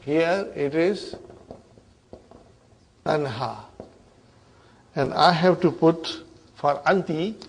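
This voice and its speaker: A man teaching an Arabic grammar class, drilling verb forms aloud and checking on his students with "huh?" and "brother". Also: fairly high pitch.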